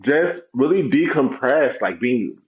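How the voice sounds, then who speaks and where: A man's voice: medium pitch, lively intonation, measured pace, reverberant, lo-fi sound. A young man co-hosting a casual podcast, talking in a loose, laid-back way and swearing freely. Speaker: podcast co-host. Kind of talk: casual chat.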